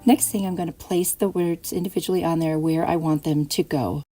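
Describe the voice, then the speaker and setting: A woman's voice: deep voice, fairly even intonation, brisk. A woman hosting a craft channel, chatting casually through each step of a DIY tutorial voice-over. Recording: soft music behind.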